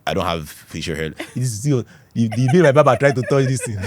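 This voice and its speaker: A young Nigerian man with a Nigerian accent, a podcast guest telling stories in a playful, animated way and laughing often. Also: mid-range voice, fairly quick, a little hiss or hum. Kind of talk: casual storytelling chat.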